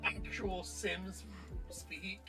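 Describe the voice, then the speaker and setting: A woman's voice: medium pitch, level tone, drawn-out words, over music. A woman co-hosting a livestream in casual, playful banter. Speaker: co-host on a livestream.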